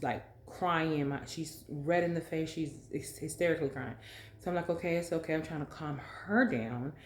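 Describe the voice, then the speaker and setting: A woman vlogger telling a dramatic story in a casual, animated way, full of fillers. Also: low-pitched, reverberant.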